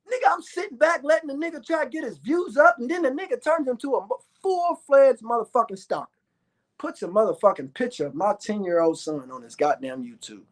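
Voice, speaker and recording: A man in his thirties delivering a loud, profane ranting monologue to his viewers, with bursts of shouting. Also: very high voice, expressive, brisk. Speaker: vlogger.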